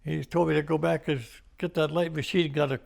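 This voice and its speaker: A man's voice: fairly high pitch, little pitch movement, a little fast, gravelly, a little mellow. An older American man telling war stories in an oral history interview, rambling with restarts and little chuckles. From United States. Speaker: veteran interviewee.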